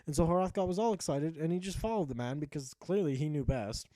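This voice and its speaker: A man's voice: on the high side, brisk, dark tone, dry recording. A man narrating his video game playthrough as a jokey, profane mock-epic tale. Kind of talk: comedic game commentary told as a tale.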